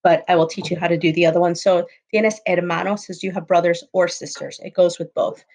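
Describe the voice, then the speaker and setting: A woman's voice: fairly low pitch, steady tone, a little fast, darkish tone, poor audio. A woman teacher giving a recorded Spanish lesson, explaining patiently and moving between English and Spanish examples. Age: adult, not young.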